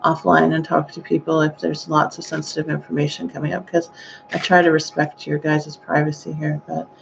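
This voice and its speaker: A woman giving a live-streamed psychic reading, speaking gently and hesitantly with frequent sighing exclamations. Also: low-pitched, level tone, fairly quick, gravelly, lo-fi sound, a little hiss or hum. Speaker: psychic medium.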